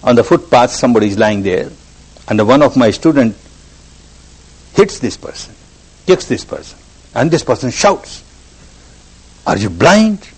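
Animated male meditation teacher. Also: medium pitch, moderate pace, pauses often, husky, rough recording. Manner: repeats phrases for emphasis, animated storytelling. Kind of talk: spiritual discourse.

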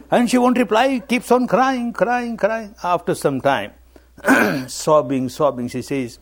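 An older man, a meditation teacher, gives a slow dharma talk, telling stories and repeating key phrases for emphasis. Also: high-pitched. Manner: slow, repetitive, emphatic delivery.

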